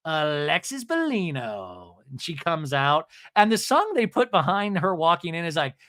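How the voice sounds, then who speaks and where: A man hosting a podcast, recapping a TV show in animated, snarky storytelling. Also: on the high side, normal speed, no room sound, clean studio sound. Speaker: podcast host. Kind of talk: comedic TV recap.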